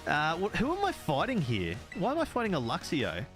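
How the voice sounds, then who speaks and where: A man's voice: on the high side, wildly swooping pitch, a little fast, a bit bright, soft background music. Chatty Australian man gaming. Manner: rambling, chatty, laughs often. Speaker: gaming streamer. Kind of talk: casual chat while playing.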